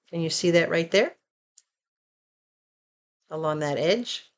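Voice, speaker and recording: A woman's voice: slow, long pauses. Chatty Southern woman vlogging from home. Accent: Southern American. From Southern United States. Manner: chatty and expressive, rising to animated pitch when excited. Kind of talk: casual chat.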